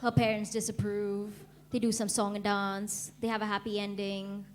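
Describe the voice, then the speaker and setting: A young woman from India performing a stand-up comedy set, deadpan and laughing at her own jokes. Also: medium pitch, normal speed. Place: comedy club stage.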